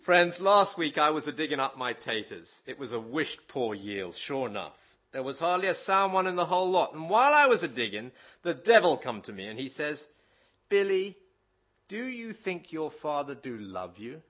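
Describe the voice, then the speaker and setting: A man doing a fiery old Cornish tin miner, bellowing his tale in broad rustic dialect. His voice rings bright and climbs high, swinging freely as he rouses himself, all in a put-on Cornish accent during a sermon reading. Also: sing-song, moderate pace. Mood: indignant storytelling. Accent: attempted Cornish. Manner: loud, rustic storytelling dialect.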